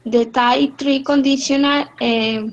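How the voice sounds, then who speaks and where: Woman reading aloud very slowly, haltingly. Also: high voice, fairly even intonation, highs cut off. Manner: halting, careful reading with restarts. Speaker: student. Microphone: computer mic on a video call. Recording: faint background noise on a call.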